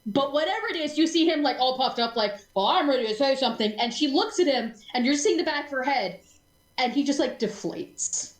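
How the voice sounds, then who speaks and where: A woman narrating as game master of a tabletop role-playing session, animated, laughing often and stumbling over restarts. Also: high voice, normal speed, reverberant, rough recording.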